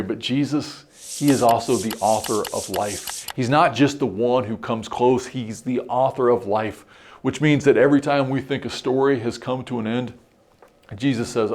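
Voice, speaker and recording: Middle-aged guy pastor giving a sermon, earnest and reflective, keeps restarting words, mid pitch.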